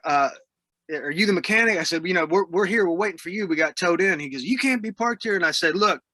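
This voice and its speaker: He's a fast-talking Southern musician with a slightly high, sharp voice, easygoing as he tells stories in a casual interview and breaking into laughter mid-sentence. There's no room sound at all.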